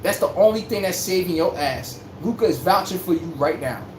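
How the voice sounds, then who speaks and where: A man's voice: high voice, animated, fairly quick. A man hosting a livestream sports talk show for his chat, brash and joking, full of slang and sudden bursts of hype. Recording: roomy echo with faint background hum.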